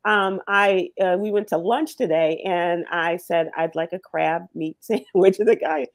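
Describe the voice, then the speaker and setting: A woman's voice: lowish voice, unhurried, vocal fry, no room sound. A woman hosting a radio show on location, chatting casually with a co-host, laughing often and full of fillers. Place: event venue.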